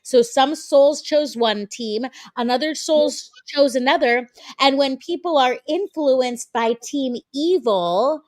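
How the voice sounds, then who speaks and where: A woman's voice: sits high, takes it slowly, few pauses, dry recording, clean studio sound. A woman talking as a guest in a casual chat, rambling and a little apologetic.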